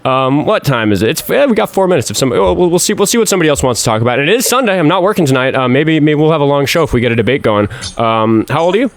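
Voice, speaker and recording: A man's voice: fairly high pitch, sing-song, racing, few pauses, no echo. A man hosting a live call-in debate stream, talking casually and sarcastically, with lots of fillers and restarts. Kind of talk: casual political call-in chat.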